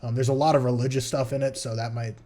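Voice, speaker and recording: A man's voice: medium pitch, level tone, quick pace, mellow. A man co-hosting a podcast, giving a casual film review in a rambling way with many filler words. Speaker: podcast co-host.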